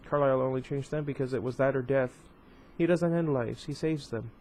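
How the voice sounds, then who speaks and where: A man reading the lines of a stubborn young woman, voicing her softly and without much change from his own voice. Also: mid-range voice, brisk, natural voice, rough recording. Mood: resolute.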